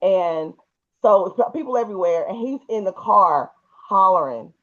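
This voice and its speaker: A woman telling a personal story in a casual, animated and emphatic way, with colloquial speech. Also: mid-range voice, normal speed, lo-fi sound.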